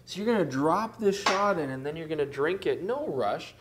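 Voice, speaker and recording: A man's voice: a little high, moderate pace, over a noisy crowd. A man, co-hosting a casual, joking chat about camera gear. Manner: animated, jokey, laughs often. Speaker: co-host of camera gear show.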